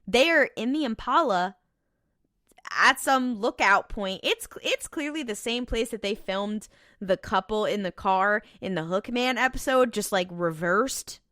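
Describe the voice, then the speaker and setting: A woman's voice: a little high, bright, forceful tone, no echo, studio quality. A young woman co-hosting a casual rewatch podcast, recapping scenes with playful voiced quotes. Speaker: podcast co-host.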